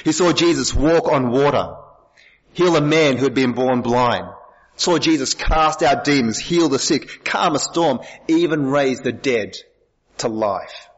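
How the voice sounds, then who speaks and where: A man's voice: mid-range voice, unhurried, in a large hall. A male pastor giving an earnest sermon, full of rhetorical questions. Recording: dull lo-fi sound.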